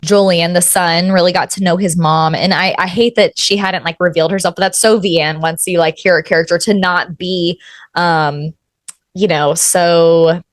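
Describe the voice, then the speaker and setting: A woman's voice: on the low side, fairly even intonation, moderate pace, dry recording, studio quality. A young woman co-hosting a book club podcast, giving a long, rambling plot synopsis full of "um"s. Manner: rambling synopsis with many fillers and apologies. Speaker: podcast co-host. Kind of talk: casual book club chat.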